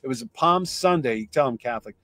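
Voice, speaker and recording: A man telling a lively anecdote in casual conversation, acting out the voices of the people in his story. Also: medium pitch, fast talker. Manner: animated anecdote teller, acts out voices in quotes. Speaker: comic convention organizer.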